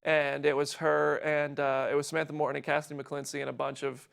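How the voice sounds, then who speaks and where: A man hosting a casual recap show, talking fast and excitedly with frequent restarts. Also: on the high side, gravelly, clean tone. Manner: fast, excited, talks over co-host with restarts. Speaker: show host.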